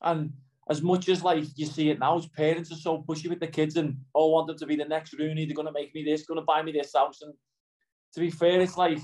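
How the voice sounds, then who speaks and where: A man's voice: on the high side, level tone, a little fast, a little mellow, poor audio. A middle-aged man with a Liverpool accent, chatting in an interview, rambling and often asking "do you know what I mean". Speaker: interviewee, footballer. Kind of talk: casual interview chat.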